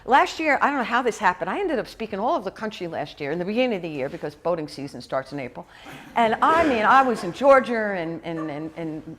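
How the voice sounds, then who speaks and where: Woman minister, middle-aged, conversational sermon delivery, lively asides, mid-range voice. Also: mid-range voice. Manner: lively, chatty preaching with asides and quick laughs. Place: church hall.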